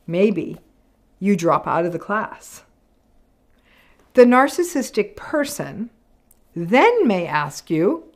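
A woman's voice: medium pitch, big pitch swings, slow. A middle-aged woman psychologist hosting her own channel, explaining relationship patterns in a frank, conversational way and acting out quoted lines. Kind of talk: direct-to-camera explainer talk.

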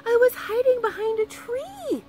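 A squeaky, terrified little boy yelps in a high, loud voice. A woman plays him in a storybook read-aloud. His lines jump sharply in pitch. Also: expressive, unhurried, music in the background. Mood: frightened. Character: scared young boy Tom.

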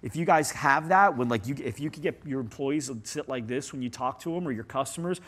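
A man speaking as a guest in an interview, animated and storytelling, leaning on "like" a lot. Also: medium pitch, fairly quick. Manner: animated, storytelling, says "like" often. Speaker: guest agency CEO. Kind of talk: conversational interview.

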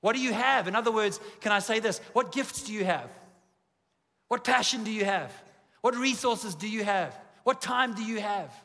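A man's voice: high voice, normal speed, gravelly. A man in his forties with a South African accent, preaching a sermon as a pastor, mixing jokes and self-deprecating stories into his message. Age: 40s. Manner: humorous, self-deprecating storytelling, lively. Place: large church auditorium. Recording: long reverb of a big hall.

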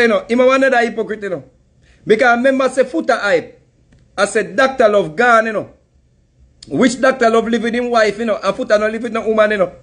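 A Jamaican man rants in a heated, mocking commentary with a very high-pitched voice. He breaks into laughter often and talks in casual patois. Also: fairly bright tone. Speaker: commentary host.

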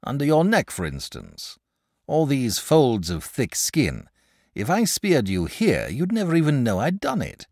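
Man as frank pleasant knight, lively and persuasive, dry close sound. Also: medium pitch, unhurried, dry recording, voice pushed up, heavily acted. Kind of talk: audiobook character voice.

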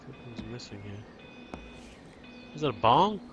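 A man's voice: mid-range voice, sing-song, normal speed, a bit bright, lo-fi sound, faint music behind. A man hosting a let's play, chatting and joking to himself while he explores a game. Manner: chatty, musing aloud, joking. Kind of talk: casual gameplay commentary.

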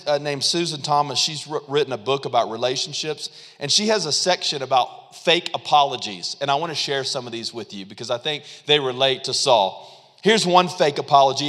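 A man preaching a sermon as pastor, animated and acting out quotes with frequent chuckles. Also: fairly high pitch. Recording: long hall reverb.

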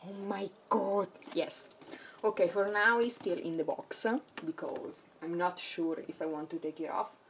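A young woman talks through a casual haul vlog like an excitable fangirl, swearing freely along the way. Her voice sits a little low, and she takes her time between bursts of enthusiasm. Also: measured pace, a little hiss or hum. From Italy. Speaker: vlogger.

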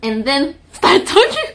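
A young woman speaking English with a Japanese accent, in a high, bright voice, slow and unhurried. She chats casually with her stream viewers, laughing often and pausing to find the right English words. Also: wildly swooping pitch.

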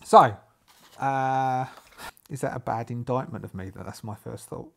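A man's voice: medium pitch, a little slow, creaky, fairly bright tone, a little hiss or hum. Man, from Ireland, solo tabletop game narration, rambling, thinking aloud, filler-heavy.

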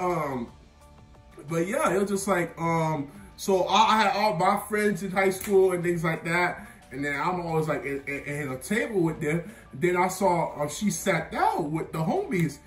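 A young man's high-pitched, animated voice carries a casual personal story at normal speed, full of rambling, fillers, and frequent self-directed laughter. Faint music can be heard, and the distant mic gives it a roomy sound.

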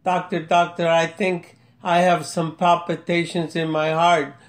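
A man's voice: fairly high pitch, completely flat delivery, unhurried. A man reading out his own humorous poem, chuckling and amused at himself. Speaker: amateur poet. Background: faint music.

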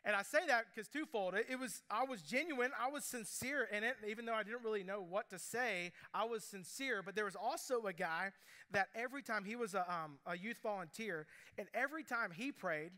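A young man preaching a sermon, telling stories with asides and quick quoted voices. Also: sits high, pushed and bright. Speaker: pastor.

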